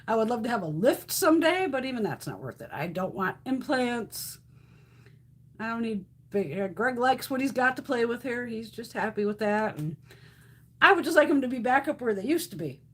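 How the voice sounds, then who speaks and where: On a live stream, a fiftysomething woman chats loosely, telling lively stories and swearing freely in a blunt way. Her voice sits on the high side and has a husky quality.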